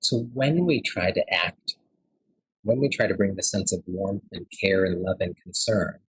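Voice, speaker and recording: A man's voice: deep voice, a little slow, slightly rough, no room sound, poor audio. A man in his thirties giving an earnest, conversational lecture at a health forum, telling a personal story with frequent fillers.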